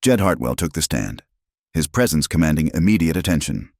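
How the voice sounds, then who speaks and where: A man's voice: very deep voice, big pitch swings, brisk, vocal fry, a little mellow, no echo, clean studio sound. A man narrating a Western story in a dramatic storytelling manner. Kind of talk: scripted narration.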